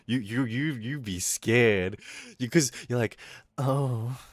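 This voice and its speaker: A young man streaming, chatting with his chat in a loud, swearing, laughing, animated rant. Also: medium pitch, a little slow, dry recording. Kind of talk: casual stream chat reading chat.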